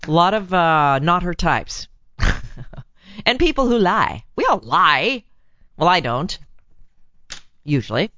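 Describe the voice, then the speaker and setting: Frank, animated woman giving advice. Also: fairly low pitch, slow, pauses often, dry recording, highs cut off. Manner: frank, animated, laughs easily. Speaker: advice show host. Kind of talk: relationship advice talk.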